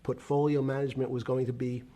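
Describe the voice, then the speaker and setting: An older man in a played interview clip, telling measured anecdotes about his past in business. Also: mid-range voice, level tone, mellow. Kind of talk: reminiscing storytelling.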